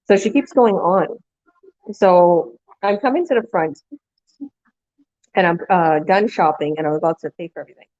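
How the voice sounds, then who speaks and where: Her voice sits on the low side with a darkish tone, and the recording is muffled. She's a vlogger casually spinning a long, rambling anecdote, starting over at points and playing out other people's words.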